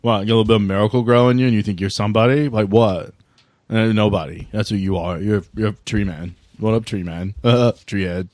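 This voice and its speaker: A man voicing an excitable young vape-cloud bro who gushes and says "bro" constantly, in a tabletop role-play podcast. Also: fairly low pitch, moderate pace, dry recording, close to an everyday voice. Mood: mocking. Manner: gushing, repeats "bro" and "like".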